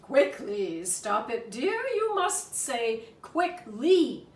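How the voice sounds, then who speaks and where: Woman doing a calm, fussy mama squirrel, bit husky, slow, echoey far-off room. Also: exaggerated voice. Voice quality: slightly husky contralto squeak. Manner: calm, correcting. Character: dignified, prim mother squirrel.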